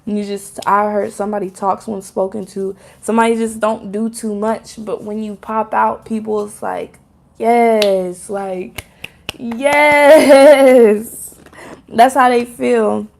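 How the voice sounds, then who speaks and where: A woman's voice: mid-range voice, level tone, normal speed, creaky, hardly any pauses. A woman giving a casual pick-a-card tarot reading, talking loosely and chattily to her viewers, with lots of fillers, laughs and swearing. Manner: talks straight to viewers as "y'all".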